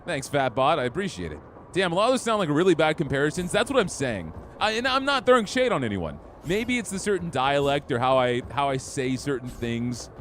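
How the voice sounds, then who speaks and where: A man's voice: on the high side, sing-song, fairly quick, a little hiss or hum. Easygoing young man streaming a game. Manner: easygoing, chatty, talks to chat. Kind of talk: casual gameplay chat.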